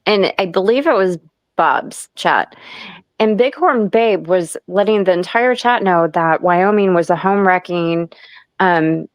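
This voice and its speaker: A woman's voice: on the low side, lively intonation, a little slow, no room sound. A woman telling a long gossip story in casual chat, rambling and laughing often between lines.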